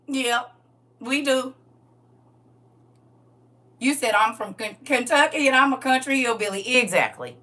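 A woman's voice: fairly high pitch, expressive, unhurried, long pauses, sharp tone. A woman chatting casually on a live stream, laughing often and talking straight to her viewers.

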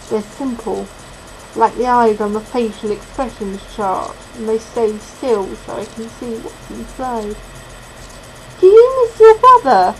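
Woman reader, higher voice, very slow and soft first-person storytelling from a novel. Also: slight background noise, poor audio. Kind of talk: reading a novel aloud.

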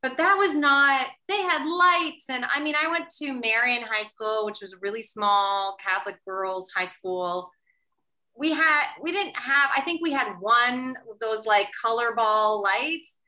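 A woman from Canada, a guest in a casual interview, telling stories in an animated way and laughing often. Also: fairly high pitch, a little slow, poor audio. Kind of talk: casual chat.

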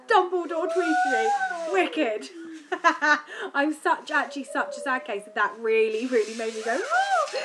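Brief: young British woman, English accent, tired but chatty vlogger, fairly high voice, home recording with steady background noise. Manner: chatty, lively, swears casually. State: tired from lack of sleep. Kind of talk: casual chat to camera.

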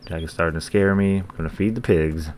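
A deep-voiced man gives casual let's-play commentary over a horror game, swearing freely and cracking jokes at the characters. His voice sits low, and a faint hiss is heard behind it. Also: fairly even intonation, fast talker, darkish tone. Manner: profane, joking, talks to game characters. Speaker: gaming channel host.

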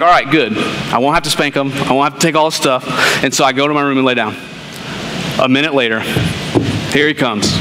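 A man, a pastor, preaching a sermon in a conversational storytelling way, often asking "right?". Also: fairly high pitch. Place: church sanctuary. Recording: long reverb in a church hall, faint hum.

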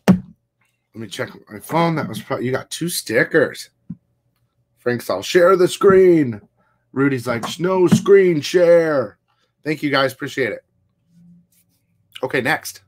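A man hosting a casual comic book livestream, talking fast and loose, swearing freely and reading viewer comments aloud. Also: medium pitch. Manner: profane, excitable, reads chat aloud. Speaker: comic shop livestream host. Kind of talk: casual live-stream chat.

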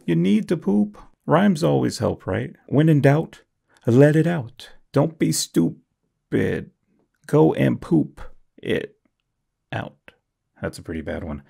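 A young man reading and reacting to comments on his channel, jokey and self-mocking, swinging from high squeals to low mutters. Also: vocal fry, darkish tone, husky. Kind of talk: comedic comment-reading vlog.

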